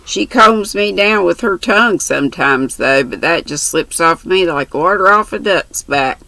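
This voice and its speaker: A woman's voice: lowish voice, expressive, unhurried, gravelly, sharp tone, no echo, exaggerated voice, rough recording. A woman voicing a brash, chatty country orphan girl who talks in bossy, boastful slang.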